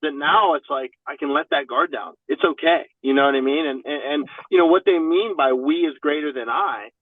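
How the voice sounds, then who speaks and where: A man's voice: a little high, normal speed, no room sound. A man speaking as a podcast guest in a casual, candid chat, swearing often and leaning on fillers like "you know what I mean". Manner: profane, filler-heavy, 'you know what I mean'. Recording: dry, phone-like narrow sound.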